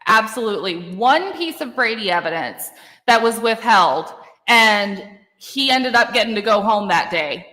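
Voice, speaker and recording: A woman's voice: medium pitch, expressive, unhurried, sharp tone, big-room sound. A woman hosting a casual true-crime chat, effusive and blunt, swearing casually. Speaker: podcast host.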